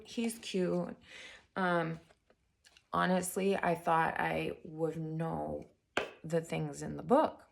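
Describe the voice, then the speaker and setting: Woman, tarot reader and spiritual coach; unhurried, raspy-edged, chatty and excited with her viewers. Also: low-pitched, a little hiss or hum. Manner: chatty and enthusiastic, addressing viewers as guys; drops to a whisper while turning cards. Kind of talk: casual tarot reading chat.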